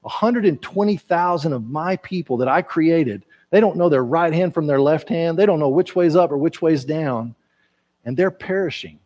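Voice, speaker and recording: A pastor voicing a patient, reasoning God. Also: male voice, a little high, normal speed, darkish tone, big-room sound, dull audio, close to an everyday voice.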